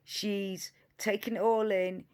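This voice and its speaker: A woman's voice: medium pitch, little pitch movement, takes it slowly, a little mellow, clean tone. A woman giving reaction commentary on video clips, emphatic and indignant, repeating her points, sometimes sarcastic.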